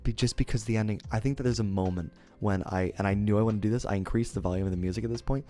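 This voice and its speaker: Low-voiced young man rambling to chat. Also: steady tone, racing, few pauses, warm tone, faint music behind. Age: young adult. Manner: rambling, self-interrupting, laughs at himself. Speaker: streamer. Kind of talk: casual storytelling to chat.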